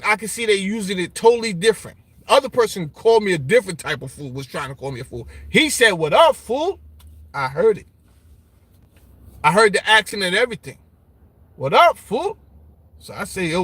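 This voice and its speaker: A man's voice: sits high, dry recording. A man talking in a casual, mocking way, answering viewer comments with lots of repetition. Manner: animated, mocking, repeats "you understand?". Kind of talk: casual opinion talk. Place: Brooklyn.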